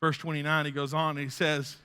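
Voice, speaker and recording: A male pastor preaching a sermon in an animated way, swinging from loud bursts down to hushed asides. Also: a little high, a little fast, clean tone.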